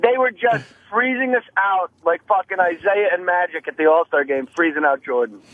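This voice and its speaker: A man calling in to a radio show, telling rapid, profane stories and acting out other comedians' lines. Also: high voice, no room sound, narrow, tinny audio. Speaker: phone-in comedian guest. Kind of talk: animated phone-in storytelling. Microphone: phone line.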